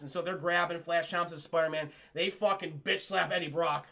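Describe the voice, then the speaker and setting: A man's voice: fairly high pitch, steady tone, fairly quick, vocal fry, sharp tone. A young man streaming a rambling, profane episode recap, talking straight to his chat. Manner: rambling, swears constantly, keeps addressing chat. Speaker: streamer reviewing a cartoon.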